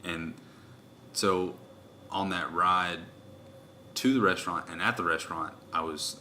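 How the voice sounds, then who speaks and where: A man in his twenties hosting a podcast, telling stories in a loud, rowdy, casual way. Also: sits low, steady tone, unhurried, long pauses, a little hiss or hum. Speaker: podcast host. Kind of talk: casual chat.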